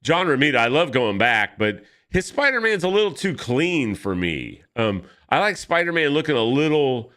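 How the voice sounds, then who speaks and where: A man's voice: medium pitch, very animated, moderate pace, hardly any pauses, pushed and bright. A man giving casual, rambling commentary while flipping through comic books, nitpicky and often correcting himself mid-sentence. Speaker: comic book vlogger.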